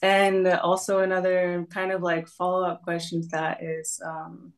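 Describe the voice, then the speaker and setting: A young woman from California calls in to a podcast and stammers through her question with many pauses. She sounds distant from the mic, as if on a video call. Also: lowish voice, monotone. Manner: nervous, hesitant, lots of fillers. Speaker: caller. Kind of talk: calling in to a podcast.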